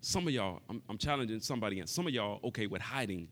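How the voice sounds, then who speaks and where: A man preaching a sermon, talking straight to the congregation and repeating words for emphasis, moving between quiet passages and raised, impassioned ones. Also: on the low side, expressive, quick pace.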